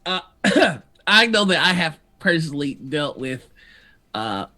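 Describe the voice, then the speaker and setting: Man, co-host, giggly, halting, fairly high voice, hiccups. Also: big pitch swings, pushed and bright. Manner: giggly, halting, many restarts. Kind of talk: casual chat on a live stream.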